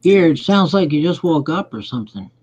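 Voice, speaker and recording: A man's voice: fairly high pitch, big pitch swings, fairly quick, darkish tone, breathy edge. A man hosting a casual online group chat who reads a short poem of his own aloud. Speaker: live chat host. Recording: dull lo-fi call audio.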